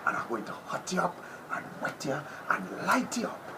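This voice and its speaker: Man putting on a boastful TV personality, theatrical, wide swoops in pitch, noisy background. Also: sing-song. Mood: menacing. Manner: theatrical, drawn-out, dropping to whispers. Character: brash boastful male TV personality, self-proclaimed top predator.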